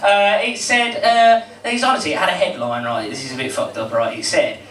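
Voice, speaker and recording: A man's voice: high voice, a little fast, fairly bright tone, distant mic, faint music behind. An eighteen-year-old man doing rambling, chatty stand-up comedy and teasing the crowd. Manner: rambling, chatty, crowd-baiting, many fillers. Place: comedy club stage. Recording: echoey room, heard from afar, noisy.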